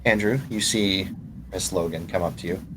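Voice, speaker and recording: A man runs a tabletop game in a very low, deep voice. He narrates loosely, rambling along with fillers. Faint noise hums behind him. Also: steady tone, moderate pace. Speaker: game master.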